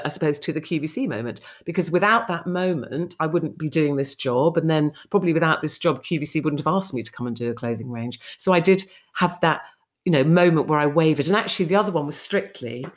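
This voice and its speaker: Middle-aged presenter, woman, lower register, lively storyteller who mimics others. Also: a little fast. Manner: animated, acts out quoted speech. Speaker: TV presenter, interview guest. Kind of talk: chatty anecdotal storytelling.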